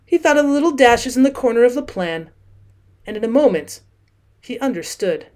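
A woman's voice: fairly high pitch, expressive, moderate pace, darkish tone. Woman reading a classic story aloud. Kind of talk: audiobook narration.

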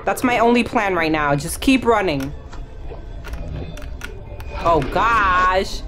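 A woman talks her way through a video game, chattering to herself and breaking into sudden high shrieks. Her pitch leaps up and down constantly, very animated. Clear game music plays underneath her. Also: slow. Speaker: gaming channel host. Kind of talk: live gameplay commentary.

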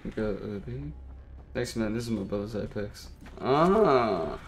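A young man commenting casually while live-streaming a game, frustrated and swearing, breaking into sudden yelled outbursts. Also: fairly low pitch, expressive, a little slow. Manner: frustrated, swearing, bursts of yelling.

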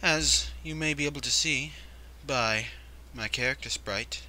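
Jumpy, bright-voiced gaming man. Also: mid-range voice, measured pace, poor audio. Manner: jokey, jumpy, swears, talks to the screen. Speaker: gaming video host. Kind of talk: let's play commentary.

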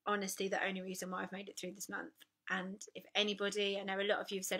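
Bright-voiced woman vlogging candidly. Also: medium pitch, completely flat delivery, fast. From United Kingdom. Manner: candid and self-mocking, with frequent ums. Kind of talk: casual personal vlog to camera.

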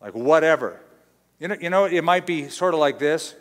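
A middle-aged pastor from Southern California preaching a sermon in a conversational, storytelling way, acting out quotes. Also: male voice, a little high, expressive, normal speed, in a large hall.

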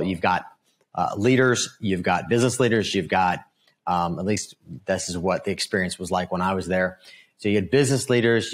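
A middle-aged man telling a personal testimony as a guest on an interview podcast, earnest and full of fillers and "right?" asides. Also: lowish voice. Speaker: guest, author.

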